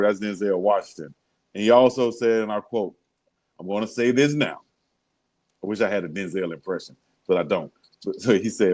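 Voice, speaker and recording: Co-host: easygoing man, lowish voice, relaxed storyteller. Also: poor audio. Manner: laid-back storytelling, quick laughs. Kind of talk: casual sports talk show.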